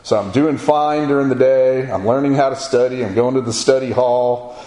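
A man's voice: mid-range voice, normal speed. A middle-aged man from Florida telling a folksy personal story in casual talk. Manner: folksy, animated storytelling with acted-out quotes. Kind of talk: casual spoken memoir. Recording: echoey room with faint ambient noise.

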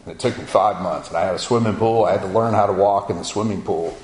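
A man's voice: sits low, quick pace, a little mellow, echoey room, poor audio. A man giving a spoken testimony to an audience, telling his story vividly and acting out the voices of the people in it. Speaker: speaker giving a personal testimony.

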